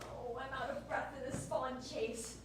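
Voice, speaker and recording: A woman's voice: high-pitched, steady tone, a little slow, noisy background. A teen girl playing a spurned, pleading young noblewoman. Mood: plaintive. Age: teens. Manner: plaintive, pleading verse delivery. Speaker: stage actor. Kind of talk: stage Shakespeare acting. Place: school theater stage. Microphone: distant room mic. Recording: echoey stage from far off.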